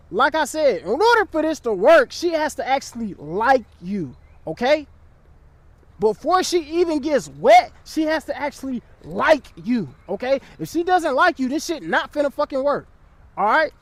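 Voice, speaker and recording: High-voiced young man giving blunt advice. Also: sing-song, unhurried, a bit bright, dry recording. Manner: blunt and profane, keeps checking in with "okay?". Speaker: dating advice creator. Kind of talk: casual advice vlog.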